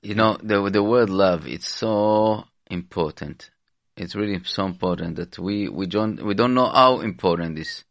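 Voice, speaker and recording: A man hosting a radio talk show. He speaks haltingly and stumbles over his words. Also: low-pitched, vocal fry, a bit bright, no echo, clean studio sound. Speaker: radio host.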